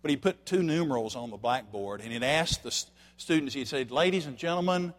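An older man preaching a folksy sermon to his congregation, dropping to quiet asides and rising to shouted emphasis. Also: mid-range voice, lively intonation, a little fast, long reverb tail. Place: church sanctuary.

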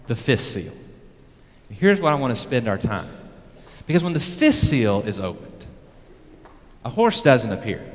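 A male pastor preaching a sermon emphatically, his voice swinging from loud peaks down to low, quiet lines. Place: church sanctuary. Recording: long reverb of a church hall.

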